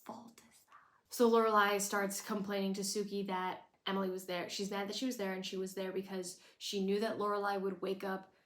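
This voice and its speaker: A woman's voice: mid-range voice, little pitch movement, brisk, hardly any pauses, a bit bright. A woman giving a casual, chatty episode recap with a sarcastic edge, full of "like". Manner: chatty, sarcastic, says like a lot. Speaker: recap vlogger.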